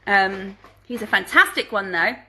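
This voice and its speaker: In a casual phone livestream from home, a woman reads viewer questions aloud and answers each one chattily. Her medium-pitched voice is animated, unhurried, bright, and forceful, though the low-quality recording has a little hiss or hum.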